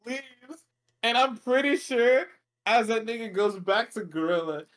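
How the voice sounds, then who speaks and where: A man's voice: very high-pitched, animated, a little slow, fairly bright tone. A man co-hosting a casual wrestling podcast, incredulous and laughing, quoting wrestlers word for word. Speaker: podcast co-host. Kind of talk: casual wrestling recap chat.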